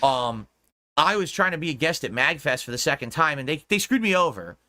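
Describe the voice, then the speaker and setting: An American man talks to his stream audience in a rambling, casual way, laughing and swearing as he goes. His voice is bright and pushed forward, sitting a little high, and it sounds dry and close. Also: big pitch swings, brisk, no room sound. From United States.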